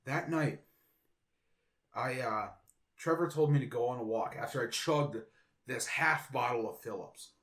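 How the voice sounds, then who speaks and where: A man's voice: mid-range voice, unhurried, long pauses, a bit bright. A young man co-hosting a podcast in casual chat, rambling, laughing often and swearing casually. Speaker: podcast co-host.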